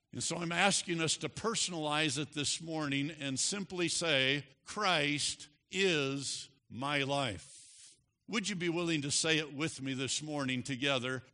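A male pastor preaching a sermon, slow and emphatic, rising in loudness on key phrases, heard in a church sanctuary. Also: a little high. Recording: long reverb of a large hall.

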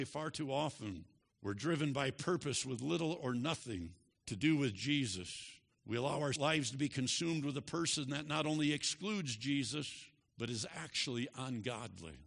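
A man preaching a sermon with emphatic, drawn-out stresses and big swings in pitch and loudness. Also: gravelly. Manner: leads the congregation in repeating a statement.

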